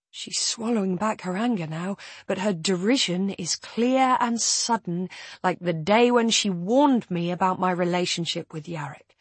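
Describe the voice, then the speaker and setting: Breathy woman narrating an audiobook. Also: fairly low pitch, a little slow, no room sound. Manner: quiet, strained.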